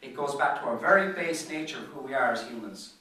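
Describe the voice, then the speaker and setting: Fast-talking Irish man in an echoey hall. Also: medium pitch, lively intonation, bright, forceful tone. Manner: chatty storyteller who stutters on repeated words. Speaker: business speaker. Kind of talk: after-dinner business presentation. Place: function room at a golf club. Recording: very echoey room, mic far off.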